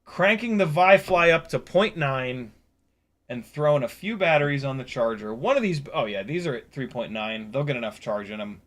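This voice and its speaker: A tired man in his forties or older hosts a casual livestream, talking at an ordinary mid pitch. He rambles candidly with plenty of fillers, reads viewer comments aloud and drops self-mocking asides. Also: lively intonation, normal speed, a bit bright. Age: 40s or older. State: tired, sleep deprived. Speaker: FPV drone livestream host.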